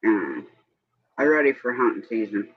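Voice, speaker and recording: A man's voice: fairly low pitch, very animated, moderate pace. Chatty man on a lo-fi livestream. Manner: rambling, chatty, drifts between topics. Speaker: livestream host. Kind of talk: casual evening chat. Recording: dull lo-fi stream audio.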